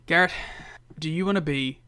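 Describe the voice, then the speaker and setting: A man's voice: on the high side, moderate pace, sharp tone, clean tone. A man co-hosting a podcast, chiming in with playful, jokey asides. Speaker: podcast co-host. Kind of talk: casual chat.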